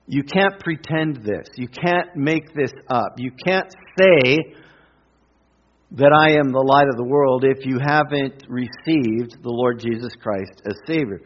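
A middle-aged man preaching a sermon with emphatic repetition and deliberate pauses. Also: medium pitch, dull audio. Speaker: pastor.

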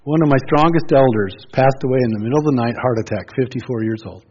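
A middle-aged man preaching a sermon as pastor, earnest, rising to loud exclamations and dropping to quiet pleading. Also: medium pitch, fast talker, a little hiss or hum. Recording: dull lo-fi sound.

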